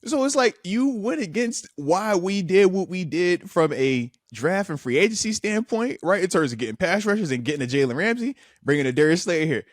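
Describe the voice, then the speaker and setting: A man hosting casual sports talk, animated and emphatic, repeating himself when he gets worked up. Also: high voice, moderate pace, hardly any pauses, no echo, studio quality. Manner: animated, frustrated, emphatic repetition. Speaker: podcast host, former linebacker.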